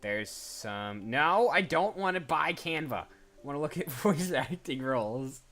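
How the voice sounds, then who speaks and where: A voice actor streams while browsing job listings, chatting casually in a chatty, rambling way and often cutting themself off. The voice is mid-range, animated, and fairly bright, delivered at a measured pace.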